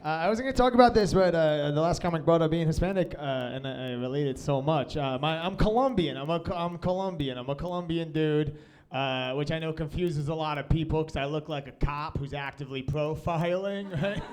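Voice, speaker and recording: A man's voice: a little high, fairly quick, a little mellow, smooth. A man from Long Island with a Long Island accent, doing a live stand-up set in a small comedy club. He grew up with sign language as his first language and talks in a profane, self-deprecating way, full of "bro" and "dude.". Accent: Long Island New York. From Long Island, New York. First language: American Sign Language.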